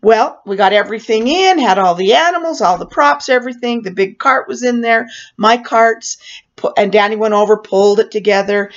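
Older woman, storyteller, animated, higher voice, dull lo-fi recording. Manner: animated, acts out her own panic in raised voice. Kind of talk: personal storytelling. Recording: dull lo-fi sound.

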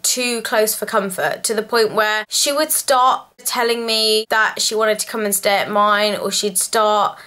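Chatty bright-voiced woman in her twenties. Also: mid-range voice, unhurried, hardly any pauses, smooth. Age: 20s. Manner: animated, chatty, lots of "like" fillers. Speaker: vlogger. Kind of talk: storytime vlog.

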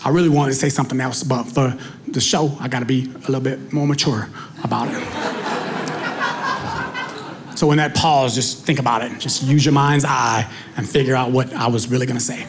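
A man doing stand-up comedy on stage, telling stories in a conversational, animated way. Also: medium pitch, a little fast, background noise. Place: comedy stage before a live audience.

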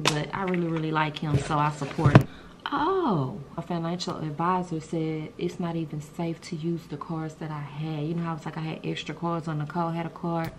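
A woman vlogger telling stories in a casual, animated, colloquial way. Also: low voice, a little fast, noisy background. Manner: chatty, animated, colloquial storytelling. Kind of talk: casual storytelling chat.

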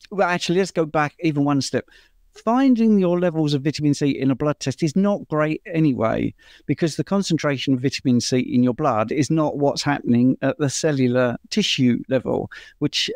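A man's voice: mid-range voice, a little mellow, clean tone, dry recording. A man, a doctor answering viewer questions in a casual chat, explaining things in a chatty way and laughing easily.

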